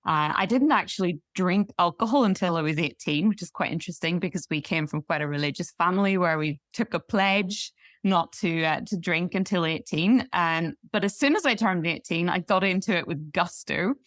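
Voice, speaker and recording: Brief: northern irish woman, middle-aged, measured and articulate, low-ish voice, dry close mic. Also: a bit bright, no echo. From Northern Ireland. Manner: articulate, friendly, measured storytelling. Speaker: guest, wine expert. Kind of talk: interview conversation.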